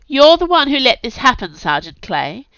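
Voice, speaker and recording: A woman with a cold voicing a stern, poised older witch who speaks in a brisk, businesslike way. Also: high-pitched, sing-song, a bit bright, clean tone, no echo, voice pushed up, full character voice. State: has a cold. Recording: dull, dry audio.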